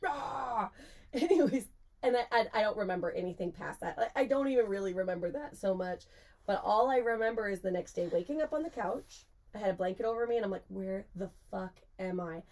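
A woman's voice: mid-range voice, lively intonation, quick pace, darkish tone. A young woman co-hosting a podcast, telling a story in casual chat, laughing often and swearing freely.

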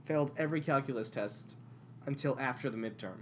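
A young man co-hosting a podcast, talking in a dry, self-deprecating way with quiet asides. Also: medium pitch, fairly quick, slight background noise. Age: young adult. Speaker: podcast co-host. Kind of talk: casual chat.

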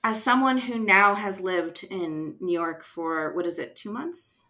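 A woman's voice: mid-range voice, a little slow. A woman from the West Coast co-hosting a podcast, chatting casually with lots of fillers. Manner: chatty, many fillers, animated retelling. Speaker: podcast co-host. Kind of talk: casual chat.

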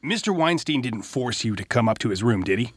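A man's voice: medium pitch, animated, brisk, husky, no echo, studio quality. Pointed male defense lawyer cross-examining. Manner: pointed, leading questions.

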